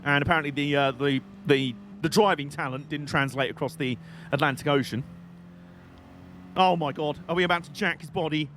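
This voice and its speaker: A man's voice: on the high side, fairly bright tone, a little hiss or hum. A young man giving rambling, jokey live commentary while playing a racing game on stream. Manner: jokey, rambling, chatty banter.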